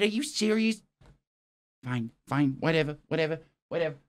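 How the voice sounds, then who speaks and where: A man's voice: on the high side, expressive, normal speed. Swearing, exasperated comic newsman. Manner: profane, exasperated, rambling and self-interrupting. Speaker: comedy news anchor. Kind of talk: improvised comic news parody.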